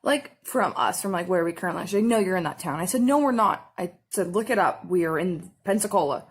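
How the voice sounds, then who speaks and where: A woman's voice: fairly low pitch, slightly rough. A young woman telling a story in casual chat while doing her makeup, acting out the customers she dealt with. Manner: animated storytelling, acting out customers in quick bursts. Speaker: makeup vlogger.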